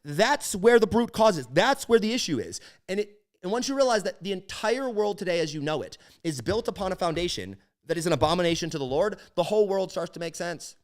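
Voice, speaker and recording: An emphatic man in his thirties tells a story in a loose, casual monologue. His pitch swings widely and sits a little high for a man. He stumbles over restarts and fillers, then drives his points home. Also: expressive, brisk, hardly any pauses.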